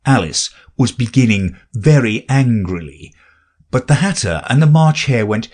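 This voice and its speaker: A man reading a children's classic aloud as an audiobook narrator, in an expressive storytelling manner. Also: fairly low pitch, moderate pace. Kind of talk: scripted narration.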